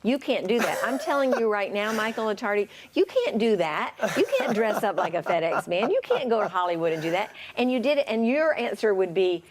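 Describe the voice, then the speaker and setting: A woman hosting a Christian talk show, asking her guest eager questions and reacting with excitement. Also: mid-range voice, a little fast, hardly any pauses, background noise. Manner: enthusiastic, exclaims and laughs along.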